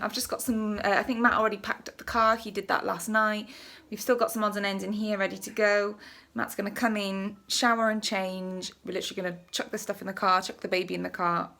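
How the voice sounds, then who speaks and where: A woman's voice: medium pitch, gravelly, fairly bright tone. A woman vlogging to a handheld camera, chatting in a friendly, rambling way while out of breath. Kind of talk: casual vlog chat to camera.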